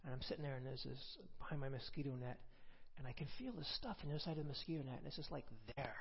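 A man preaching a sermon, telling a personal testimony in an animated way and building to forceful preaching, in a dull lo-fi recording. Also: mid-range voice, racing, creaky, husky.

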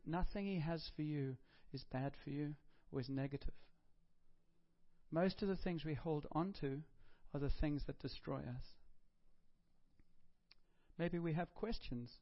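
A man delivers a sermon as a pastor, talking to his congregation in a loose, conversational way and pushing his voice up for emphasis. His voice sits a little high for a man. The recording is muffled and lo-fi. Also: unhurried, pauses often. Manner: conversational preaching with emphatic rises.

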